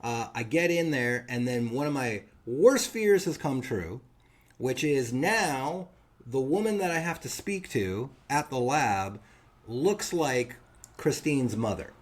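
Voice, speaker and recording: In casual podcast chat, a male co-host shares a funny story, voicing the other people's lines himself. His mid-range voice is animated, and he takes his time.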